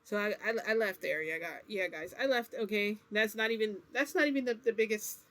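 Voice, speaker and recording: A woman's voice: mid-range voice, normal speed, sharp tone. A woman vlogger telling a personal story in a casual, rambling way, full of fillers and asides. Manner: rambling, chatty, many fillers.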